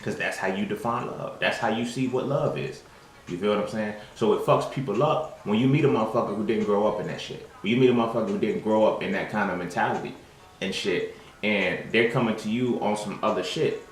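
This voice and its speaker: A man's voice: fairly low pitch, fairly quick. A young man hosting his own show, talking in a casual monologue full of slang, swearing and fillers. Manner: profane, streetwise slang, frequent fillers. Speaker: host. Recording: roomy echo.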